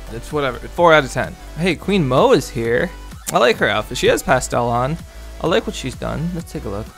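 A man's voice: mid-range voice, a bit bright. Goofy rambling young man, laughing a lot. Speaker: game video creator rating outfits. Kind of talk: casual commentary over gameplay. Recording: faint background music.

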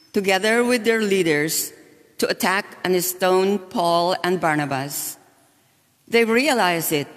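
A man reading scripture and the psalm aloud in church as lector, slow and deliberate. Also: high-pitched. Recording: long church reverb.

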